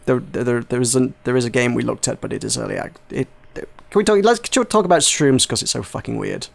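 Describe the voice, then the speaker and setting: A man's voice: mid-range voice, lively intonation, fairly quick, gravelly. A man hosting a casual video game podcast, rambling, laughing and swearing as he talks. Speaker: podcast host. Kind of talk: casual podcast chat about video games.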